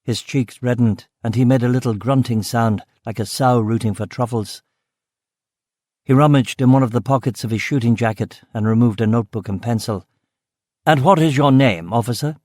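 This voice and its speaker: A man's voice: mid-range voice, steady tone, moderate pace, a little mellow, no room sound. A man narrating a first-person crime novel in a dry, sardonic manner, close to the mic. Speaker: audiobook narrator. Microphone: close studio mic.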